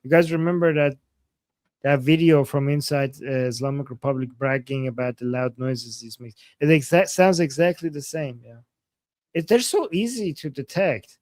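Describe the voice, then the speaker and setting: Excitable man, dry close voice. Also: medium pitch, moderate pace, no echo. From Iran. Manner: excitable, exclaims and laughs often. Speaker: co-host. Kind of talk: casual news commentary.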